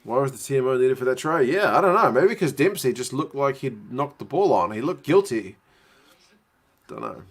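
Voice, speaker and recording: A man's voice: medium pitch, big pitch swings, moderate pace. A man hosting a casual live watch-along from his living room, chatting and answering viewers' questions. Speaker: livestream host.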